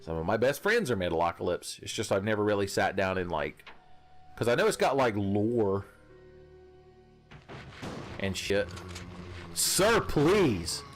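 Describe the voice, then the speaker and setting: A man's voice: on the low side, animated, moderate pace, pauses often, soft background music. A young man casually commenting on a video game as he plays, swearing and joking with his chat and laughing often. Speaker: streamer.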